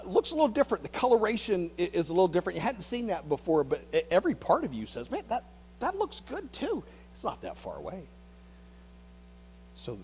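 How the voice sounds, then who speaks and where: A male pastor preaching a sermon as a vivid story, often repeating words and dropping into hushed tones. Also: a little high, a little hiss or hum, low-quality recording.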